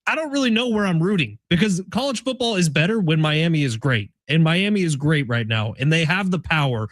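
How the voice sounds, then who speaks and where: A man's voice: a little high, lively intonation, a little fast, a bit bright, no echo, studio quality. An American man hosting a sports radio show, chatting casually and joking with his co-host. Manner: upbeat, chatty, jokey. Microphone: studio broadcast mic.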